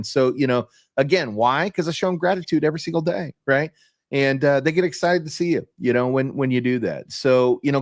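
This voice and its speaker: A man's voice: mid-range voice, no room sound, clean studio sound. Upbeat, rambling male podcast host. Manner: upbeat, rambling, peppers talk with "right?" and "you know". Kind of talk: casual podcast chat.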